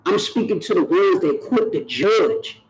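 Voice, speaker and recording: A man with a high-pitched voice and lively intonation talks at a measured pace straight to the camera on his own YouTube channel. He speaks earnestly, repeating phrases for emphasis, and the audio quality is poor.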